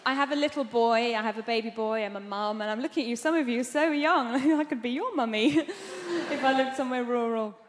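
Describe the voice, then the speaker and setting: High-voiced woman comic from Iran. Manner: wry, self-mocking storytelling with quick asides. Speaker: stand-up comedian. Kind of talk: stand-up comedy set. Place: large theatre stage. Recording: long theatre reverb, loud background noise.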